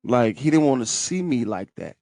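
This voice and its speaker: A young man recounts his own story on a podcast, candid and profane with open emotion. His voice has a gravelly, fried edge at a middling pitch. The sound is dry and close, with no room around it. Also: big pitch swings, moderate pace, dark tone, dry recording. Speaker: podcast host. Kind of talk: casual personal storytelling.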